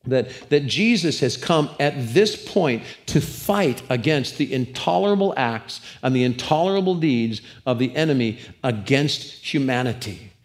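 A man preaching a sermon in church, telling lively stories with humor and asides to the congregation. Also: mid-range voice, normal speed, hardly any pauses. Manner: animated storytelling with humor and asides. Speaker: pastor.

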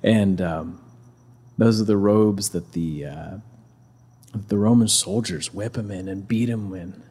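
A man's voice: lowish voice, slow, dark tone, slightly rough. A man casually retelling a scripture story as a preacher, conversational, with many fillers and restarts.

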